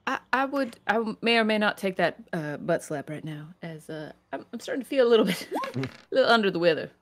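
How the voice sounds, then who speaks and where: A woman's voice: medium pitch, lively intonation, fairly quick, slight background noise, natural voice. Battered fiery warrior woman, a female player doing the voice, bashful and stammering. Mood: flustered. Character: battered female warrior, hot-tempered, woozy.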